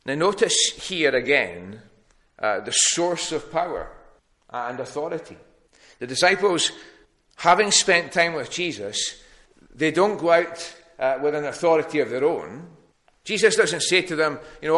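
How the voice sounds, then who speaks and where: A man's voice: a little high, animated, measured pace, fairly bright tone. A middle-aged man, a pastor, preaching an earnest, plain-spoken sermon with frequent restarts.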